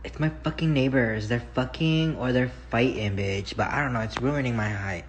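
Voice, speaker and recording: A man's voice: medium pitch, moderate pace, low-quality recording. A man from Hawaii talking casually into his phone for a story vlog, sassy, dramatic and full of swearing. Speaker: social media personality.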